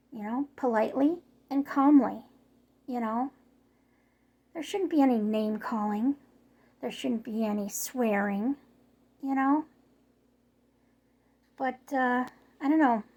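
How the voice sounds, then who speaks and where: A middle-aged woman vlogging about her neighbors, her voice a little hoarse, rambling along with lots of filler words. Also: a little high, darkish tone. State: slightly hoarse from yelling. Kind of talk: casual storytelling vlog.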